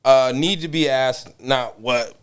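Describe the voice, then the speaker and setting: Relaxed male podcast host, slangy and loose, with a smooth, resonant voice. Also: mid-range voice, slow. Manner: laid-back, slangy, profane. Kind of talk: casual interview chat.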